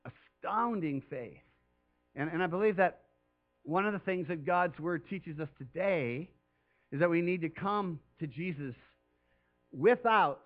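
A man's voice: on the high side, muffled recording. A man preaching a sermon as pastor, talking earnestly and conversationally with emphatic rises.

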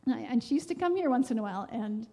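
Earnest, soft-toned woman sharing testimony. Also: a little high, expressive, racing. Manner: meandering, many fillers and restarts; earnest and heartfelt. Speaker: church speaker sharing a devotion. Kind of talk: rambling personal testimony.

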